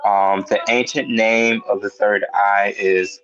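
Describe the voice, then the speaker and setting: A man hosting a casual spiritual talk, halting and often repeating his words as he explains and reads aloud. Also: lowish voice, level tone, fairly bright tone, faint music behind. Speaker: host. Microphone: headphones and mic. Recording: muffled lo-fi sound.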